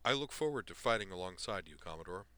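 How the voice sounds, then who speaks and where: A man's voice: deep voice, lively intonation, fast talker, a bit bright, no room sound. A man voicing Flavia, a stern, formal woman soldier commander, in a read-aloud story.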